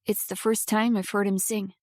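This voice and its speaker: A woman's voice: medium pitch, flat delivery, normal speed, a little mellow, dry recording, natural voice. A woman voicing a nervous young female visitor who talks in a flustered, hesitant way, in an audiobook. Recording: dry close studio sound.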